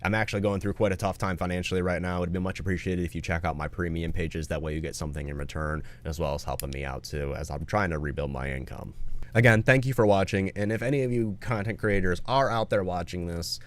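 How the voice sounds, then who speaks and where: A man's voice: low voice, quick pace. A man making a commentary video, appealing earnestly to viewers and swearing often. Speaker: video creator.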